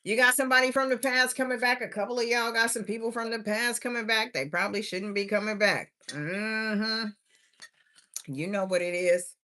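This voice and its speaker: Woman tarot reader, live stream, chatty drawl, bright, a bit high, tired. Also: steady tone, normal speed. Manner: chatty, drawling, sing-song refrains, laughs to herself. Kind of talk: casual livestream tarot reading.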